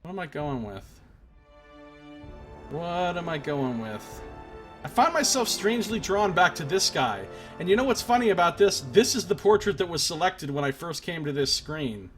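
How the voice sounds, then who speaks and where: A man's voice: a little high, very animated, moderate pace, soft background music. A young man hosting a game stream, musing aloud in casual, half-mumbled commentary. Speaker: let's play host.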